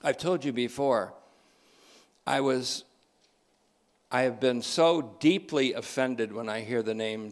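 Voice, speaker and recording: A man preaching a sermon, emphatic and repeating key phrases, slowing down and speeding up as he goes. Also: lowish voice.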